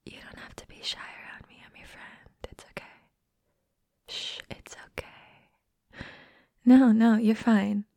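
Whispered role-play: a woman playing a teasing young friend, unhurried and a little gravelly. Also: a little high, fairly even intonation, dry recording. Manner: soft teasing whispers and giggles.

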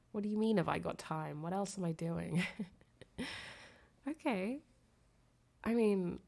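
Sick young woman, nasal and congested, unhurried and giggly, for an intimate girlfriend phone-call role-play. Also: on the low side, vocal fry. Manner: soft, intimate, giggly, trailing off. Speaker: audio creator.

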